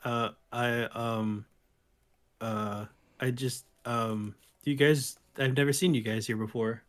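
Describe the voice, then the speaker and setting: A bashful young grave digger, voiced by a man, stumbling over his words and trailing off. His answers come in nervous, hesitant fragments, with a plain mid-pitched voice. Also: steady tone, slow pace, natural voice. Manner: stammering, hesitant.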